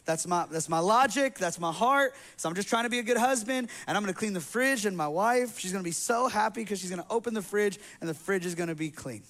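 A man's voice: high voice, lively intonation, fast, hardly any pauses, fairly bright tone. A male pastor preaching a sermon, telling a humorous personal story in a casual, slangy, conversational way to his congregation in a church. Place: church sanctuary.

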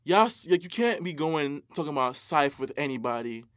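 Animated young man ranting, dry mic. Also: on the high side, fairly quick, dry recording. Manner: animated, profane, mocking impressions, frequent laughs. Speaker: podcast co-host. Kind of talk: casual rant.

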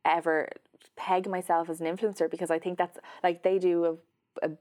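Woman, journalist guest, casual and hesitant, slightly low voice. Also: little pitch movement, normal speed, darkish tone. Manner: chatty, hesitant, many fillers and restarts. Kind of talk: casual interview chat.

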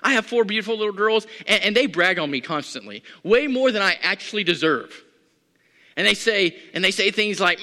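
A man's voice: sits high, lively intonation, moderate pace, sharp tone. A man preaching a sermon, repeating words as he builds in intensity. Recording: echoey hall.

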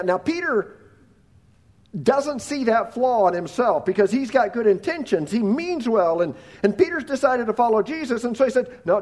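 A man preaching a sermon, telling a story with animated voices and repeating words as he goes. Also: sits high. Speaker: pastor.

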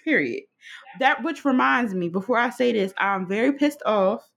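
A woman's voice: fairly high pitch, expressive, moderate pace, gravelly, a bit bright. A woman co-hosting a podcast in casual chat, laughing often, swearing and telling stories with energy. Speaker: podcast co-host.

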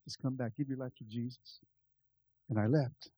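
A pastor telling a personal story in a sermon, moving between quiet, confiding asides and loud, lively peaks. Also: male voice, medium pitch, normal speed, husky, dry recording. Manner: animated, swings from soft asides to loud climaxes.

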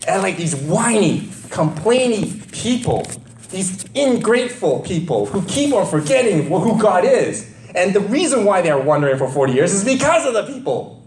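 A man preaching a sermon in an animated, conversational way with many rhetorical questions. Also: sits high, moderate pace, roomy sound, a little hiss or hum.

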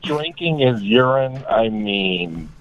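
A man's voice: medium pitch, expressive, slow pace, a loud crowd. A man calling into a radio show, friendly and hesitant, often stammering and restarting his sentences. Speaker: caller. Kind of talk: phone-in chat. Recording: tinny phone line.

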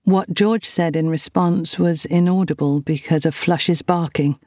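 A woman reading an audiobook in a measured, gentle narration. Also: lowish voice, steady tone, dry recording, clean studio sound. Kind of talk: scripted narration.

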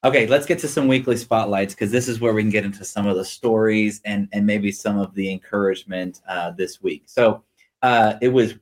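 A man hosting a church podcast who leads the conversation and keeps it moving with quick affirmations. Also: on the low side. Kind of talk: casual church podcast chat.

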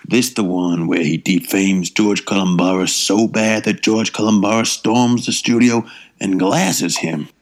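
A hustling street dealer with a low voice, pitching pirated goods in quick patter, as a man acts him out in a comedy skit. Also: fairly even intonation.

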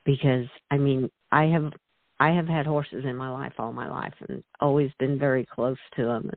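A woman hosting a casual interview, gushing with praise and laughing softly, heard over call audio. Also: extremely low pitch, steady tone, moderate pace, no echo. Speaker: interview host. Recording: tinny phone-like call audio, dry.

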